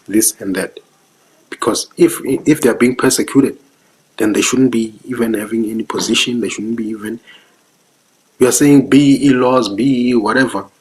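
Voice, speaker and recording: A man's voice: mid-range voice, a little hiss or hum, poor audio. A young South African man with a South African accent giving casual live-stream commentary, earnest and preachy, who keeps asking whether you understand. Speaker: vlogger.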